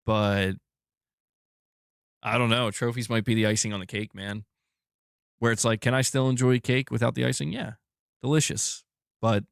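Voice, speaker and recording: Chatty guy streamer rambling and laughing, dry sound, medium pitch. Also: fairly even intonation, normal speed, gravelly, pauses often, no room sound. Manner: rambling, self-correcting, laughs often. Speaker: streamer host. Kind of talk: casual livestream chat.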